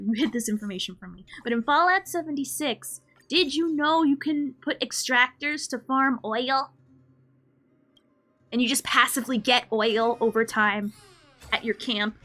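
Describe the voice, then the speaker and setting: Animated high-voiced woman streamer. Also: moderate pace, soft background music. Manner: animated, playfully ranting and scolding. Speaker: live streamer. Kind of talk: casual gaming stream chat.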